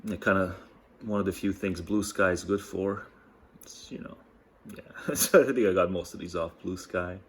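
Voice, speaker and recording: Gravelly low-voiced man rambling aloud. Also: normal speed, a little hiss or hum. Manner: rambling, thinks aloud, laughs often. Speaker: commentary host. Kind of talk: casual solo commentary over clips.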